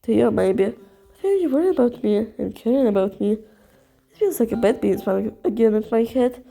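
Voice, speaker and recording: A woman voicing a troubled young male best friend in a fan reading of a visual novel; soft, hesitant and apologetic. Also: on the high side, animated, moderate pace, gravelly. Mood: sad.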